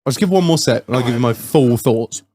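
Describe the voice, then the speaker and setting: A man's voice: mid-range voice, fast, dark tone, dry recording, clean studio sound. A man hosting a podcast, chatting casually and rambling as he reviews a beer, swearing often. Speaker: podcast host.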